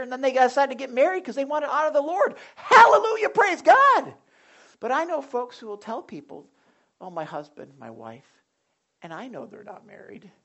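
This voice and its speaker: A young man preaching a sermon as a pastor in a blunt, animated storytelling way, swinging from loud outbursts to quiet asides. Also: sits high. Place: church sanctuary.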